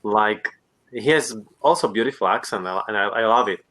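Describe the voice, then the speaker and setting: A man's voice: lowish voice, sharp tone. A man practicing English in casual conversation. He searches for words, stumbles and restarts his phrases as he goes. The sound is that of a simple video-call microphone. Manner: hesitant, halting, frequent restarts. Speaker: English learner. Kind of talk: casual chat.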